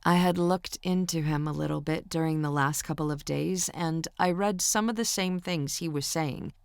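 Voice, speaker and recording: A woman narrating a romance audiobook in the first person, in a steady, intimate storytelling manner. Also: deep voice, moderate pace, creaky, clean tone, no room sound, clean studio sound.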